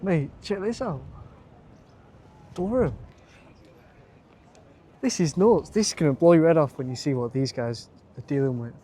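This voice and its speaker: A young man with a Lancashire accent, vlogging to camera on a handheld camera, chatty and excitable and calling the viewer mate. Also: fairly high pitch, measured pace, pauses often, slight background noise. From North West England. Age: young adult. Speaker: vlogger pitching to bars. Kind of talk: casual vlog to camera.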